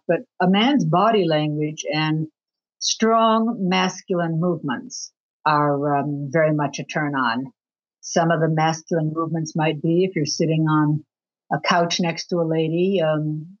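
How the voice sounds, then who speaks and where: A woman with a fairly low voice explains her views as an interview guest, her pitch leaping up to stress key points. The recording is dull and lo-fi. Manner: expressive, pitch leaping up for emphasis. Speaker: guest author on attraction. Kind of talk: interview answers.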